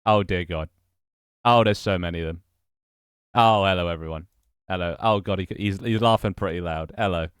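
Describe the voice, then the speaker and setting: Deep-voiced guy streaming. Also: normal speed, long pauses, smooth, dry recording, studio quality. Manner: rambling, repeats phrases, greets chat. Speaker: streamer and game developer. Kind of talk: casual livestream chat.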